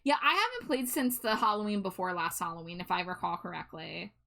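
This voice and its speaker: A woman's voice: lowish voice, animated, brisk, vocal fry, pushed and bright. Chatty self-deprecating woman streamer. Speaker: streamer host. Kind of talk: casual chat.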